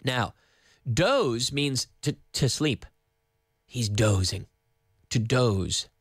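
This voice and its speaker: A man from Nova Scotia teaching English on live radio from a studio microphone, patiently repeating words slowly for learners. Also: mid-range voice, lively intonation, slightly rough, dry recording. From Canada (Nova Scotia).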